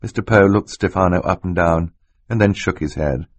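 A man reading an audiobook in a measured, expressive narration style. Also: low voice, no room sound. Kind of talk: scripted narration. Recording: dry close recording.

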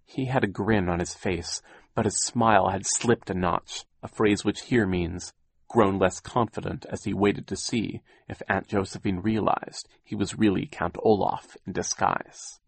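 A man narrating a children's audiobook in a wry, deadpan way. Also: lowish voice, slightly rough.

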